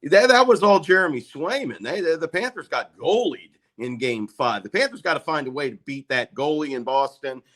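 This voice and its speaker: A man's voice: on the high side, animated, moderate pace, hardly any pauses, a bit bright. A man as a hockey reporter guest on a sports talk show, reassuring and easygoing, with frequent um and uh fillers. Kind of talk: casual sports talk interview.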